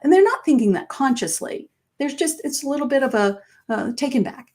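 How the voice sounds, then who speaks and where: A middle-aged woman coaching viewers in a relaxed, conversational way. Her voice sits a little high, and it jumps up sharply whenever she acts out what someone might say. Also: moderate pace. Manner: conversational, acts out quoted phrases with pitch jumps. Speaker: life coach.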